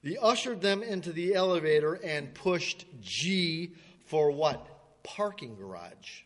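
A man with a slightly high voice tells a story from the pulpit in a folksy, halting way, clearing his throat now and then. He acts out the people as he goes, and his voice carries with a long reverb through a large hall. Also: expressive, fairly bright tone. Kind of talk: sermon illustration storytelling.

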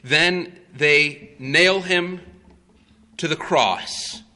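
A man preaching a sermon, telling the story slowly and with emphasis, with frequent "uh" fillers. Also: fairly high pitch, bright, forceful tone. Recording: long hall reverb.

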